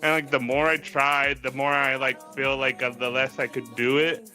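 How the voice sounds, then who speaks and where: Male podcast guest, bright slightly high voice, rambling casual storyteller, swears, laughs a lot; faint music bed. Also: level tone, moderate pace. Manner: rambling, heavy use of "like", laughs often, swears freely.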